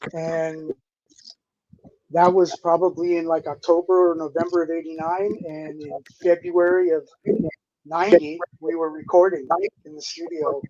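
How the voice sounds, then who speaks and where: A man around sixty, a guest musician telling stories in a casual interview, animated and laid-back, with lots of "dude" and "you know". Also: fairly high pitch. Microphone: remote streaming call. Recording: dull, slightly lo-fi dry audio.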